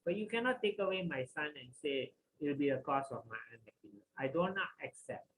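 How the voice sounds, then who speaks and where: A man's voice: on the high side, animated, a little fast, a bit bright, a little hiss or hum, low-quality recording. A man voicing a desperate, grieving king who pleads and protests. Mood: pleading. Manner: pleading, indignant.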